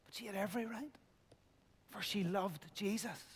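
A man's voice: high-pitched, a little fast, long reverb tail. A middle-aged man preaching a communion sermon, earnest, dropping to a near whisper at tender points. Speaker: pastor.

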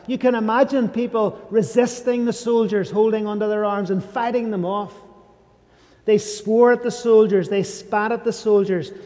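A male preacher delivers an emphatic sermon in a fairly high, mellow voice. He sinks to a hushed low tone on his key phrases. The sound carries the long reverb of a large church hall. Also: steady tone, normal speed.

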